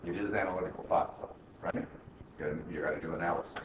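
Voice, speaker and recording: A deep-voiced accounting instructor from the United States races through a classroom lecture, tossing "right?" questions and wry, teasing jokes at his students. The sound is muffled and echoey, recorded from far off with faint hiss.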